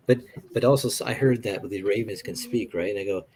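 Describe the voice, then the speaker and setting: A man's voice: fairly low pitch, brisk, darkish tone. A man in a casual group chat who tells long, rambling stories. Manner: rambling storyteller.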